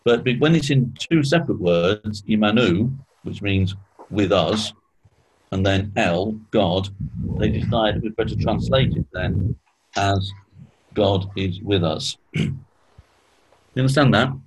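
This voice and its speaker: A man teaching a small group in an informal Bible study, explaining slowly and asking questions, clearing his throat often. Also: on the low side, a little hiss or hum, rough recording.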